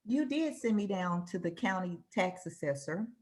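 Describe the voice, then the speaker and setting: A woman's voice: on the low side, lively intonation, moderate pace. A woman attorney on a video call, explaining the law plainly in casual chat.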